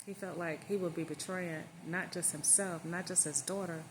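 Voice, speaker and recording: A woman's voice: lowish voice, steady tone, normal speed, noisy background. Woman casually telling a story. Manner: unscripted, with fillers and emphatic stress.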